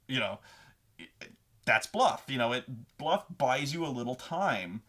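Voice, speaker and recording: A man hosting a casual monologue on tabletop role-playing, rambling and profane, slipping into quick character voices as he explains. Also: medium pitch, animated, fairly bright tone. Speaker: host of a tabletop gaming advice show.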